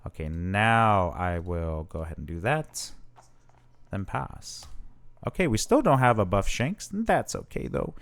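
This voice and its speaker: A man's voice: fairly low pitch, big pitch swings, unhurried. A man hosting his channel, casually commenting on his own card game match and thinking aloud with fillers and self-corrections.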